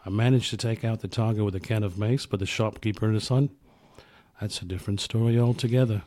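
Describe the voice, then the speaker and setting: A man putting on a put-on British accent to play a boastful male roadie telling a tall tale, in a deadpan way. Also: lowish voice, fast, no echo, clean studio sound, lightly acted.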